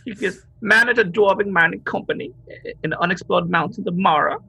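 A man voicing his male boss with a Guyanese accent, reading out game announcements in a high, sing-song impression. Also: fairly quick, vocal fry, bright, forceful tone, slightly rough, no echo, heavily acted. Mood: announcing. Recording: dull lo-fi recording.

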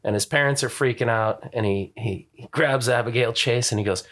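A man co-hosting a casual movie podcast, talking in halting, amused bursts with repeated words. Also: mid-range voice, fairly bright tone. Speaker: podcast co-host.

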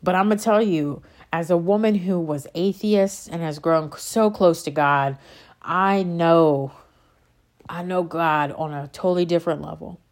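A faith vlogger with a lowish voice talks at a measured pace about her faith. Casual but impassioned, she rambles and keeps interrupting herself as she gets worked up.

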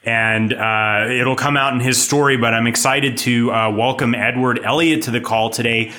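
A man hosting a business podcast with an energetic, chatty delivery and frequent laughs. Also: mid-range voice, moderate pace. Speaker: podcast host.

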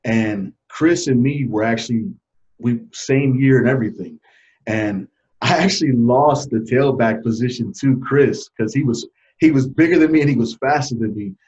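A man in his forties, an interview guest, tells a personal story in an earnest, halting way. He gets emotional and choked up, his voice falling low and soft, on dull lo-fi audio.

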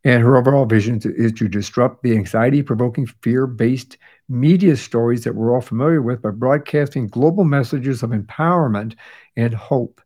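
A man's voice: medium pitch, normal speed, darkish tone. Tired man hosting a podcast chat. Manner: conversational, with fillers and restarts. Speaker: podcast host. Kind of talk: casual chat recapping episodes.

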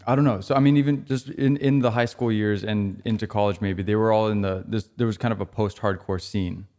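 Man, lowish voice, young adult, podcast co-host, hesitant storytelling. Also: steady tone, brisk, mellow. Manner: storytelling, hesitant, self-correcting. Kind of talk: casual chat about music.

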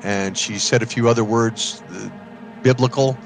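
A man co-hosting a podcast, casually telling a ghost story and acting out the voices of people in it. He often restarts and repeats words when he gets excited. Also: medium pitch, normal speed, creaky, noisy background. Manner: lively storytelling, acts out quoted voices. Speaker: podcast co-host.

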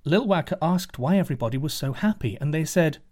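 A man's voice: on the high side, animated, fast talker, a little mellow. Man narrating a fairy tale. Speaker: storyteller.

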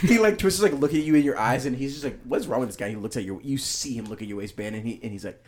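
A man's voice: medium pitch, rapid-fire, darkish tone. A young man in casual chat, telling stories with put-on voices and laughing often. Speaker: co-host.

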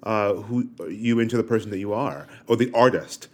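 A man co-hosting a podcast in casual chat, halting and repeating words as he reflects. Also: lowish voice, a little mellow. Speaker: podcast co-host.

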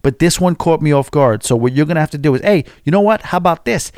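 A man's voice: on the high side, lively intonation, quick pace, a little mellow, no room sound, clean studio sound. A man hosting a podcast, chatting casually and reading listener emails aloud in a self-deprecating, rambling way. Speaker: podcast host.

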